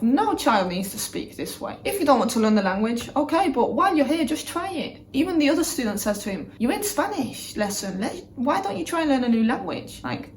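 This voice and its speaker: A young woman with a Manchester accent, an English and Spanish teacher, talking casually to camera in a chatty, animated vlog style. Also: mid-range voice, a little hiss or hum. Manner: chatty and animated, quick asides.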